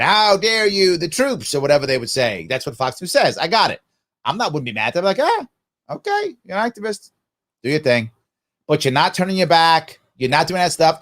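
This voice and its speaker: A man's voice: high-pitched, a bit bright. A middle-aged man hosting a live opinion show, giving emphatic commentary and talking back to clips he plays. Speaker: show host.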